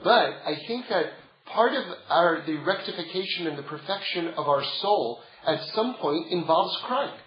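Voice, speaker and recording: A man's voice: on the high side, animated, normal speed, hardly any pauses. A man teaching a Torah class in a conversational way, building up to emphatic passages. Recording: roomy, dull lo-fi sound.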